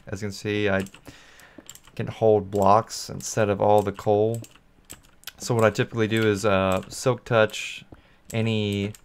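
A man's voice: on the low side, level tone, a little slow, long pauses, a little hiss or hum. A man hosting his own gaming channel, giving solo gameplay commentary in a rambling, think-aloud way and talking to his viewers.

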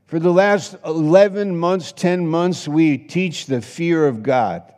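A man pastor preaching a sermon with passion, swinging between loud exclamations and hushed asides. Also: on the high side, slow, few pauses. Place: church sanctuary. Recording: long hall reverb.

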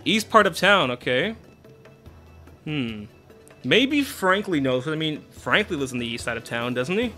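A man's voice: fairly high pitch, very animated, unhurried, bright, forceful tone, soft background music. A man giving casual commentary while playing a video game, chatty and self-correcting, on a desktop mic. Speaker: let's play host.

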